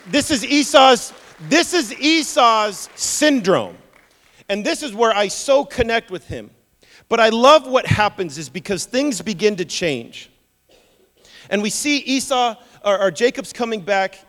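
A man's voice: sits high, fairly bright tone, long reverb tail. A man preaching a sermon in a casual, playful way, acting out the voices of Bible figures. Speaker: pastor.

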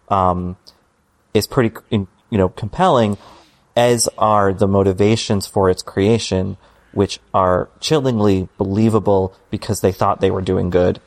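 A man co-hosts a podcast in relaxed, casual chat. His voice sits somewhat low, and he talks in a measured, thoughtful way. He hesitates now and then and slips in dry humor. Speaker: podcast co-host.

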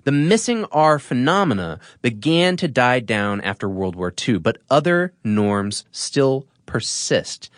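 Guy hosting an explainer podcast, bouncy pitch, super dry close mic, playful. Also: sing-song, measured pace, few pauses, no echo. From Boston area. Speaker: podcast host. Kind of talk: scripted explainer narration.

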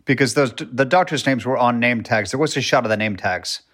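A man's voice: mid-range voice, brisk, fairly bright tone. A man co-hosting a casual rewatch podcast, chiming in with dry, joking asides. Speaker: podcast co-host.

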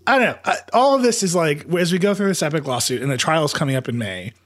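A man hosting a tech news podcast, talking fast in casual chat, laughing often and restarting his sentences. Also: on the high side, animated, a bit bright. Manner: fast, laughing, thinks aloud with many restarts. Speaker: podcast host.

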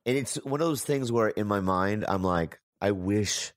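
A man's voice: fairly low pitch, normal speed, no echo, clean studio sound. A man in casual conversation, an eager listener who keeps urging the other speaker on. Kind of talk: casual chat.

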